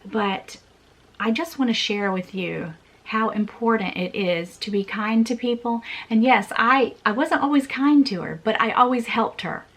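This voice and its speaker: A woman's voice: on the high side, unhurried, a bit bright. A woman in her forties, a vlogger telling a personal story in an earnest, repetitive way with small laughs.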